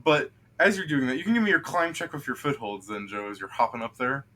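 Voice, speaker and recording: Bright-voiced, joking male game master. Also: medium pitch, fast. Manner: laughs a lot, relaxed and joking. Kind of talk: casual game narration.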